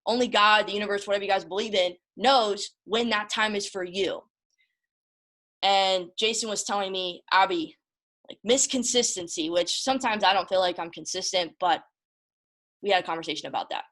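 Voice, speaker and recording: A woman's voice: medium pitch, moderate pace, a bit bright. A woman hosting a casual motivational talk, emphatic and emotional, often repeating herself and calling her listeners y'all. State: emotional, close to tears. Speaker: motivational host.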